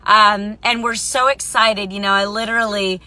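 A woman's voice: mid-range voice, fairly even intonation, normal speed, sharp tone. A woman in her thirties hosting a live stream, chatty and upbeat, rambling with many fillers and restarts. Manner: upbeat, greets viewers by name. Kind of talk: casual live-stream talk.

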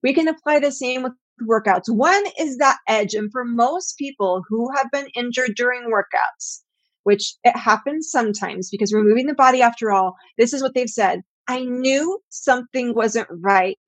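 A middle-aged woman talks through her Pilates teaching with earnest, explanatory care, now and then acting out the voices of others. Her voice sits fairly high. The sound is dry and close. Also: moderate pace, dry recording. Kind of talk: conversational interview answers.

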